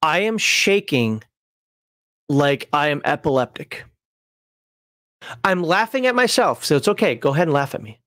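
A middle-aged man with a slightly high voice tells a lively personal story to explain a game rule. He laughs at himself as he talks and keeps restarting his sentences. The recording is dry and close, with no room sound. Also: moderate pace, long pauses, dry recording. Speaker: host explaining game rules.

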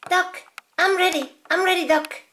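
A woman's voice: very high-pitched, moderate pace, background noise. A woman voicing dolls in a toy-play video, in a childlike, sing-song way. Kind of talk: toy play with doll voices.

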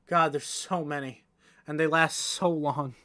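A man's voice: on the high side, steady tone, a little slow, a bit bright, no echo, studio quality. A man streaming a game, reading its text aloud and breaking in with sarcastic, swearing asides.

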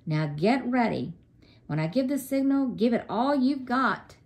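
A woman voicing a clever, calm male Airedale dog who talks in a knowing, coaxing way. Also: on the high side, measured pace, slight background noise, pitched above the performer's own voice.

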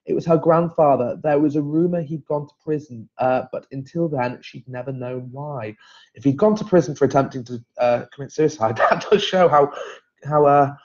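A man hosts a live stream and reads viewer comments aloud in a relaxed, meandering way. His voice sits a little high for a man, and he keeps stopping to fix his own words. The sound is slightly muffled and lo-fi. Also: moderate pace. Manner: chatty, rambling, self-correcting with frequent fillers. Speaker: host.

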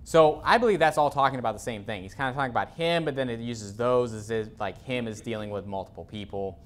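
A male pastor giving an expository sermon in a loose, conversational way, full of fillers, reading scripture aloud slowly. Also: mid-range voice. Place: church.

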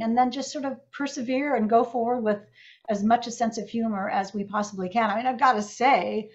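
A woman's voice: on the high side, fairly even intonation, a little fast, muffled recording. A woman author chatting casually on a video call, bubbly and affectionate, laughing often. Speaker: author guest.

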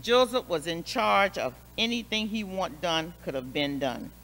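A woman leads a Sunday school lesson, retelling a Bible story in an unhurried, emphatic way and circling back on key phrases. Her tone is bright and forceful. The sound rings with a long church-hall reverb. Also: on the low side. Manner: expressive, repeats phrases for emphasis.

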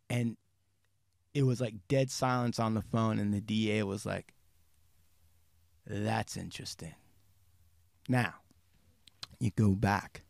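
A man's voice: mid-range voice, no echo, studio quality. A man hosting a podcast, telling a true crime story in casual chat, acting out the people he quotes and swearing freely. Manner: animated, acts out quotes, swears, speeds up and slows down. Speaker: podcast host.

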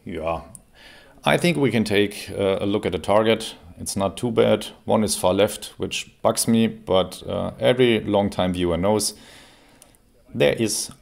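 A man, creaky after a cold, explaining an airgun in a relaxed, casual review with plenty of fillers. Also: lowish voice, measured pace. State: recovering from a cold. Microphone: camera mic while seated.

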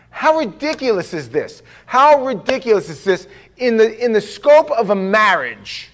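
A man's voice: high voice, big pitch swings, moderate pace, few pauses. A man pastor preaching a conversational, jokey sermon, acting out the people he quotes.

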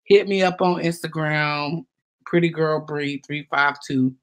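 A woman's voice: low-pitched, steady tone, a little slow, fairly bright tone. A woman hosting a casual livestream, rambling and chatty as she reads out viewers' comments. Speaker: livestream host.

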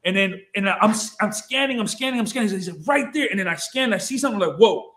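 A high-pitched man tells his story as a podcast guest. He talks in an excitable, rambling way, swearing freely and repeating phrases. The recording has a noticeably roomy echo. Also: fast talker. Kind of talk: casual storytelling.

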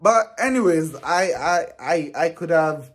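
A man, a vlogger telling a story in an animated, exasperated, profane casual rant. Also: fairly high pitch, unhurried, slightly rough.

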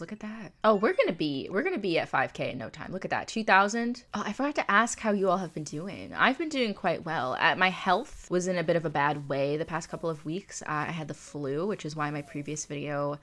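A young woman from New England chatting bubbly and excited at her desk while she plays a life sim game. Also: deep voice, a little fast, few pauses. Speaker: gaming YouTuber. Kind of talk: casual gameplay commentary. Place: home desk. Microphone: desk microphone.

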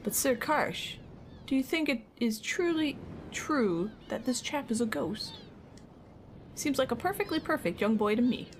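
A woman's voice: high voice, expressive, a little slow, a little hiss or hum, voice pushed up. A woman voicing a fussy, pompous male knight underling in a game, drawing out his words. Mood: doubtful.

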